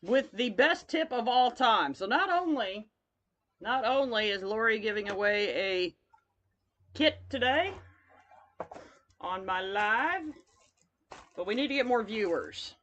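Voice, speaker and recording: A woman's voice: fairly high pitch, expressive, slow, pauses often, a bit bright. A woman with a Kentucky accent, chatting folksily with viewers while demonstrating wreath making in a live craft tutorial.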